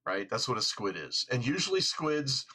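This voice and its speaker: A man in a casual chat, telling a long story in an animated way, laughing often and swearing freely, with a husky voice. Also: mid-range voice, normal speed.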